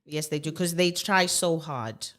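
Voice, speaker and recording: A middle-aged woman with a South African accent and Zulu as her mother tongue, co-hosting a casual podcast. Her voice sits very low, and she tells stories animatedly, agreeing emphatically with her co-host. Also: measured pace. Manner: animated storyteller, laughs often, emphatic agreement. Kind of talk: casual chat. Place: podcast recording in Britain.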